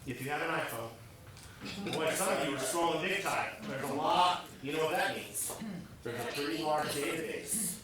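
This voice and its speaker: A man's voice: a little high, expressive, moderate pace. Man, team meeting presenter, joking, asks the crowd questions, distant mic, very echoey room. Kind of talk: lively team meeting talk. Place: large meeting room with audience.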